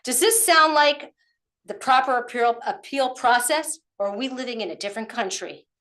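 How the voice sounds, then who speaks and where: A woman's voice: on the high side, normal speed, a bit bright. A woman, out of breath, giving a pointed public comment at a township meeting and firing off rhetorical questions. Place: council meeting room.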